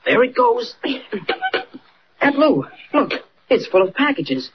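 An actor playing an eager, excitable young male reporter in an old radio drama. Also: mid-range voice, slow, background noise. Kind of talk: 1940s radio acting. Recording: dull old radio recording.

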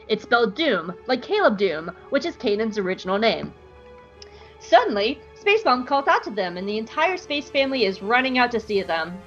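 Irreverent higher-voiced woman recapping. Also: dull audio. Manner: lively, irreverent, swears casually. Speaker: podcast co-host. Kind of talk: casual episode recap.

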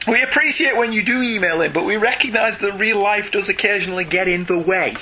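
A man's voice: high voice, fairly quick, sharp tone. A man co-hosting a casual chat show, reading listener emails aloud and laughing often.

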